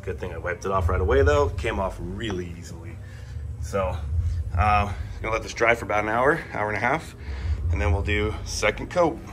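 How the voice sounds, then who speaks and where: Man, deep voice, easygoing DIY car vlogger in his garage, chatty and rambling, faint hum behind. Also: normal speed, fairly bright tone. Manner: rambling, plain-spoken, lots of fillers and restarts. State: coughing, clearing his throat. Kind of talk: casual talk to camera.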